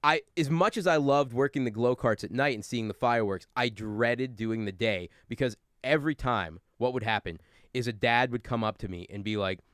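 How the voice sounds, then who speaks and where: A man in his forties, a guest on a talk show, telling animated stories in casual chat and acting out angry customers. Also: mid-range voice, moderate pace, dry recording, clean studio sound.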